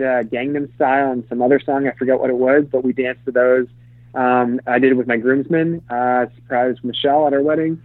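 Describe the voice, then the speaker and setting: A man's voice: mid-range voice, dry recording. Middle-aged man, interview guest, candid and rambling, thin phone-line sound, dry. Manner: rambling, candid, many fillers and restarts. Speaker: interview guest, former publicist. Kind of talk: casual storytelling interview.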